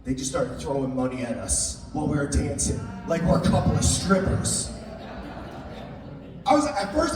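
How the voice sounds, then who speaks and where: A young man doing a stand-up comedy set in a live venue, animated, jumping into shouted high outbursts and teasing the crowd. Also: normal speed. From Italian-American family. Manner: crowd work, teasing audience members. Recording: echoey hall recorded from far off, audience noise.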